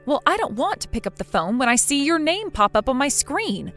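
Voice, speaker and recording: A woman's voice: high-pitched, big pitch swings, fairly quick, soft background music, full character voice. Woman voicing a sarcastic young wife. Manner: sarcastic, quietly mocking. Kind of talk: scripted text-message drama reading.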